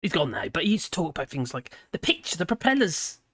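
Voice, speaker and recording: Speaking quickly in a fairly low, sing-song, slightly rough voice, a woman from the UK runs a live stream, blending scripted remarks with digressive chatter. She reads chat aloud and laughs a lot. The home room behind her has a hanging model airplane, and the studio-quality sound carries no room echo.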